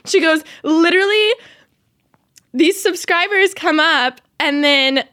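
A woman's voice: high voice, a little slow. A young woman co-hosting a podcast, telling stories in casual chat with frequent laughter. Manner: laughing storyteller, lively and giggly. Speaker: podcast co-host.

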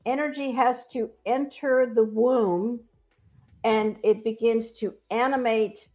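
A woman guest describing her work helping ghosts, speaking as a confident, animated storyteller. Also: fairly high pitch, slow pace. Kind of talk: earnest spiritual storytelling. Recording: dull lo-fi sound.

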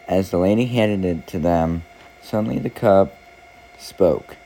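A man telling a devotional story and reading scripture in a measured, deliberate way. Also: low voice, vocal fry, dark tone, a little hiss or hum, poor audio.

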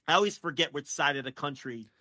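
A man's voice: fairly high pitch, fast talker, pushed and bright, no room sound. A man co-hosting a wrestling podcast, joking and mock-indignant in casual banter on a close mic. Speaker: podcast co-host. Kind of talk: casual chat.

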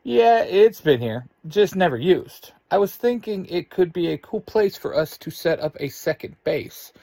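A man's voice: high-pitched, lively intonation, unhurried, vocal fry, mellow, no echo, voice pushed up, exaggerated voice. A man voicing a proud, nonchalant teenage genius in a storybook reading. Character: nonchalant teen boy genius.

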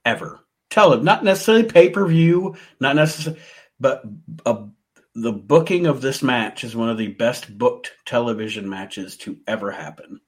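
A man's voice: mid-range voice, expressive, moderate pace. A man co-hosting a casual podcast, giving emphatic opinions and laughing often. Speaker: podcast co-host.

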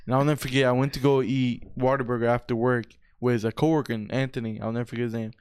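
A man's voice: medium pitch, little pitch movement, fast, a little mellow, clear, resonant tone. A young man hosting a podcast, telling stories in a laid-back, profane way and calling people bro. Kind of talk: casual storytelling chat.

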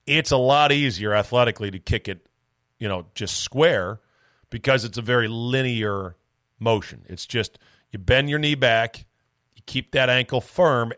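A man's voice: medium pitch, a little slow, fairly bright tone, no echo, clean studio sound. A man hosting a solo sports podcast, telling loose, rambling stories with casual profanity. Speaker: sports talk podcast host.

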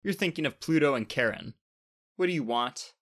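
A man's voice: on the high side, animated, moderate pace, a bit bright. A man doing snappy know-it-all planet Venus. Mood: argumentative. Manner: argumentative, snappy.

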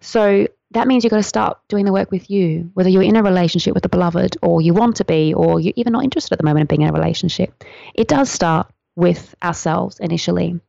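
A woman talking as a podcast guest, explaining tantra in a flowing, earnest, gently instructive way. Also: on the low side, fast talker, gravelly, no echo. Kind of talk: podcast interview answer. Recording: dry, dull lo-fi sound.

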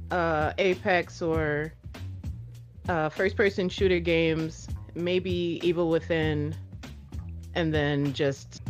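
A woman in casual chat, asking questions in a chatty way with many fillers. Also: low voice. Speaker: interviewer.

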